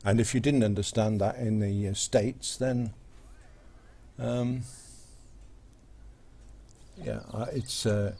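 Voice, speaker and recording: A man's voice: lowish voice, steady tone, takes it slowly, vocal fry, pauses often, dark tone. A man chatting casually on a live game stream, telling jokes in a rambling, hesitant way with many fillers.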